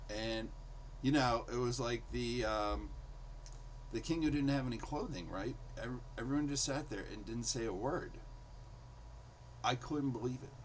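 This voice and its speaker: A New York City man in his forties, a teacher who hosts his own show, casually tells a story from his career. His mid-range voice keeps a normal speed but pauses often, and he's chatty, full of fillers, acting out quotes in a raised voice. The low-quality recording has slight background noise.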